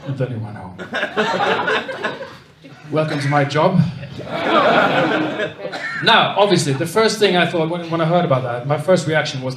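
High-voiced Swedish comedian in a club. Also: male voice, measured pace, long pauses. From Sweden. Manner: deadpan, dry ironic delivery. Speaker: stand-up comedian. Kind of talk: stand-up comedy set. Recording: roomy club from a distance, loud noise. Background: audience laughter.

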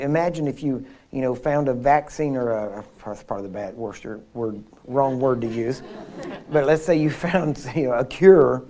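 A man preaching at a healing seminar, telling personal stories with frequent laughs and restarts. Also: medium pitch. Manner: animated storyteller, laughs often, frequent restarts. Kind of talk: sermon with personal storytelling.

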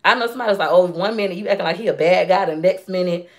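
A young woman chatting to her viewers in a casual vlog, open and emotional as she tells personal stories. Her voice sits a little low, and she talks in long, run-on stretches. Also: fairly even intonation, rapid-fire. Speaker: YouTube vlogger.

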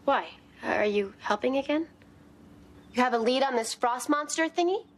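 A blunt young shop clerk. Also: female voice, high voice, animated, noisy background. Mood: quizzical. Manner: brisk, quizzical questions. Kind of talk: TV drama acting. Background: music.

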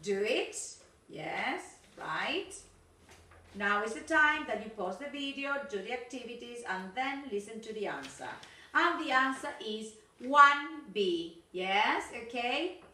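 A woman English teacher giving a recorded video lesson, slow and instructive, checking in with words like "okay?" and "yes?". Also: fairly high pitch, very animated, sharp tone. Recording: echoey room, mic far off.

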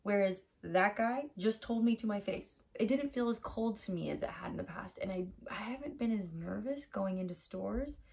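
American woman, thirties, casual vlog storytelling, gravelly fry in the voice. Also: medium pitch, lively intonation, normal speed, hardly any pauses, a little mellow. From United States. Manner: chatty storytelling, lots of "like". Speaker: vlogger. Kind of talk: casual travel vlog chat.

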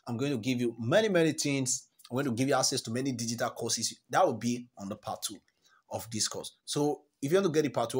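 Guiding viewers through each step of an app on a screen recording, a man with a husky, mid-range voice keeps things chatty and upbeat. He frequently repeats words and mixes in encouraging life advice as the tutorial's host.

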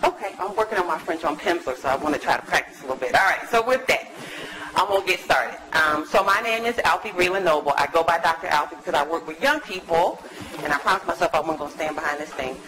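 A woman academic giving a lively, chatty talk to a live audience in a university lecture room, teasing the listeners as she goes. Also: sits low, fast, rough recording. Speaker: guest lecturer, academic psychologist.

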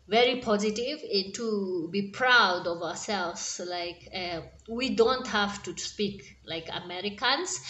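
A woman's voice: medium pitch, fairly bright tone. A woman with a Kenyan accent talking earnestly and encouragingly to camera, with frequent fillers and restarts. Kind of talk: casual talk to camera. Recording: roomy echo.

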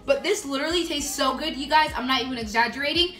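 Young female food vlogger, high bright voice, gushing and chatty to camera. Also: fast talker, soft background music. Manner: gushing, keeps saying "you guys". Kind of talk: casual recipe vlog chat.

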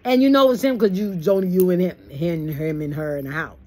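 A woman with a fairly low speaking voice leads a Bible study. She moves between reading the text and talking straight to her listeners in a folksy, preaching way, sometimes acting out what people say. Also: fast, dark tone. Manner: folksy, preachy asides, acts out quotes. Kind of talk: conversational Bible study teaching.

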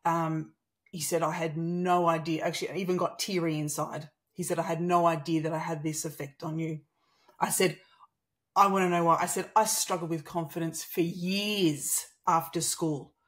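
This woman's voice sits low and keeps a moderate pace. In her thirties and Australian-accented, she's a guest relating a personal story in conversation, animatedly voicing the quoted lines.

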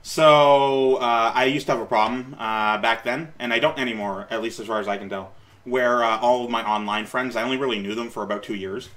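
A man's voice: mid-range voice, steady tone, brisk, fairly bright tone. A man in his late twenties, rambling and self-correcting as he comments on his old video, laughing at himself and offering encouragement. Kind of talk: casual reaction commentary.

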